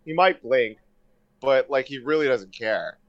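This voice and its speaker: A man in casual podcast chat, excitable and rambling, swearing often with lots of fillers. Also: medium pitch, unhurried, highs cut off.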